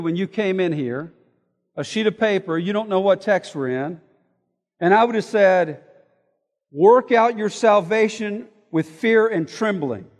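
A man preaching an expository sermon, explaining word meanings and reading scripture aloud, moving between loud emphasis and quiet asides. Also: sits high. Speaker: pastor. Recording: hall reverb.

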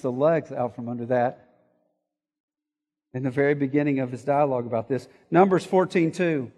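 A man preaching an expository sermon, explaining word meanings and reading scripture aloud, moving between loud emphasis and quiet asides. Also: mid-range voice, normal speed, long pauses. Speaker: pastor. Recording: hall reverb.

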